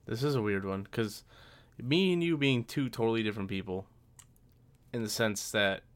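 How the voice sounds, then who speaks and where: A man's voice: fairly low pitch, normal speed, clear, resonant tone. A man in his twenties co-hosting a casual podcast chat, loose and blunt with lots of "like". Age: 20s. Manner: loose and blunt, peppered with 'like'. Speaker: podcast co-host.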